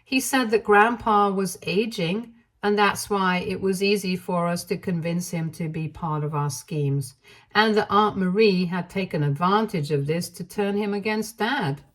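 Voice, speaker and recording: A woman reading a first-person story aloud in an even, measured narration style. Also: mid-range voice.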